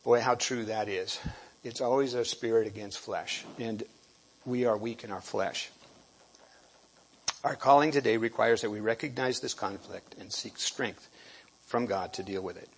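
A man giving a sermon, halting and restarting often and clearing his throat. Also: fairly low pitch, a little hiss or hum. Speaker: preacher.

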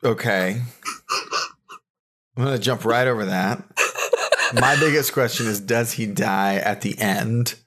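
A man with a somewhat low voice hosts a comedy podcast. He asks dry, quizzical questions and recaps the joke with deadpan timing in casual banter. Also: a little slow, long pauses. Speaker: podcast host.

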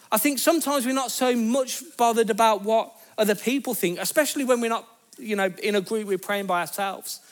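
High-voiced man preaching earnestly. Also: a bit bright. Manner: earnest, conversational teaching with repeated phrases. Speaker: pastor. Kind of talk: sermon.

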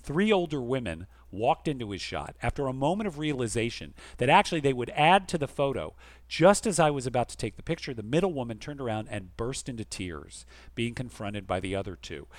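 A man co-hosting a podcast, reading listener emails aloud expressively and going quiet and soft for the serious ones. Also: brisk, dry recording. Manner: expressive reader, dropping soft and low for serious letters. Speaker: podcast co-host.

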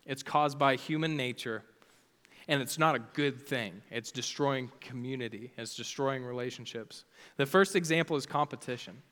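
A man's voice: medium pitch, normal speed, fairly bright tone, long reverb tail. A man preaching a casual sermon, talking informally with lots of "like" fillers. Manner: chatty, informal, many "like" fillers.

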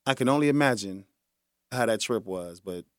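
A man's voice: lowish voice, expressive, normal speed, no echo, clean studio sound. A middle-aged man hosting a podcast, chatting casually and joking, with frequent laughs. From Chicago area. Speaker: podcast host. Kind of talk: casual solo chat.

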